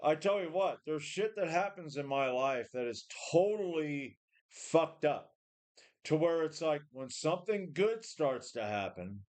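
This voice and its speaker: A tired, run-down home gym vlogger rants casually to camera, rambling, swearing, and often repeating and restarting. His voice is fairly high, expressive, and unhurried, with a darkish tone.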